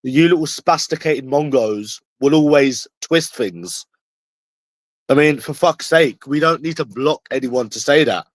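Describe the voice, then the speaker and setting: A man's voice: medium pitch, animated, unhurried, no room sound. A man with a London accent, ranting at his livestream chat in a confrontational, profane and repetitive way. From London, England. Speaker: streamer answering chat. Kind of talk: combative livestream rant.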